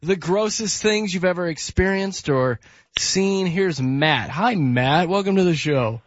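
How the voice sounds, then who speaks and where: A man hosting a radio call-in show, chatting casually and reacting with quick disgusted comments. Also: high-pitched, lively intonation, no echo, lo-fi sound.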